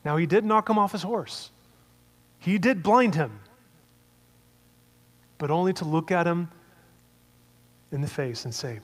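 Conversational male preacher, slightly high voice. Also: a little slow, long pauses, in a large hall. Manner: conversational, asks many rhetorical questions. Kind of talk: sermon.

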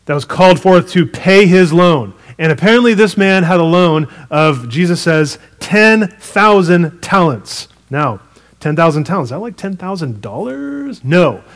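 A man preaching a sermon, retelling a parable in a conversational, animated way with casual asides. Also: on the high side, normal speed. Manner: storytelling, animated retelling with acted quotes.

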